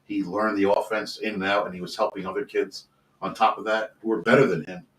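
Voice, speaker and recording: Candid low-voiced coach, roomy distant sound. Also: male voice, little pitch movement, brisk, a bit bright. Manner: candid, rambling, earnest, swears casually. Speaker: youth football coach. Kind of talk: casual storytelling in a podcast interview.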